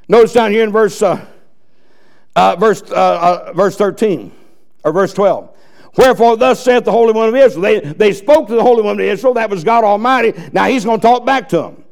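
High, gravelly preacher man. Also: brisk, darkish tone. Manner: fiery, folksy, preaching with bursts of emphasis. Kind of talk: sermon.

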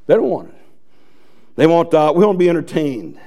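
Preacher guy, high voice with lots of gravel, fiery and folksy. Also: big pitch swings, brisk, long pauses, mellow. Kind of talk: sermon.

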